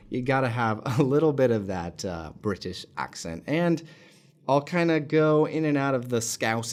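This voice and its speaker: A man hosting a fan channel, giving a casual, excitable match reaction with many fillers. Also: mid-range voice, a little slow.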